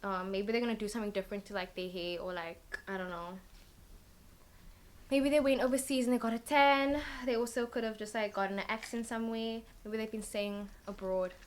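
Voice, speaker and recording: A woman talks through a tarot card reading in a loose, rambling way, filling pauses with ums and likes as she thinks aloud. Her voice sits at an ordinary middle pitch. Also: fairly even intonation. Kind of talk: casual tarot reading vlog.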